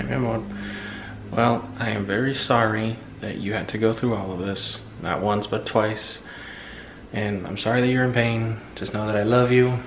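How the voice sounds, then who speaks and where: Man with a soft, reassuring voice. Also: fairly low pitch, echoey room, slight background noise, poor audio. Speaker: vlogger's partner. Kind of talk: casual vlog talk.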